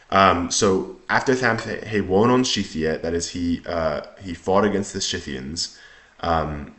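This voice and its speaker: Deep-voiced man reading in an echoey room. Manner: halting, thinking aloud with many ums and self-corrections; reads the old text more loudly than his explanations. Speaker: language teacher reading aloud. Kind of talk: reading and explaining an old text.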